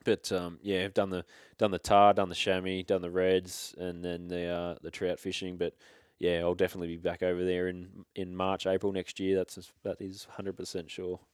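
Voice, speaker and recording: A man's voice: deep voice, monotone, moderate pace, few pauses, clean tone, no echo, studio quality. An Australian man chatting casually about his hunting trips, laid-back and rambling with slang and restarts. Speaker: hunting guest. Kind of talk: casual storytelling chat.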